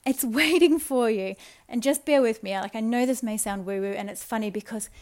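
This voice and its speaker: Woman podcast host, slightly high voice, soft and earnest, coaxing self-help delivery. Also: a little fast. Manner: addresses listener affectionately. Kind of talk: spiritual self-help talk.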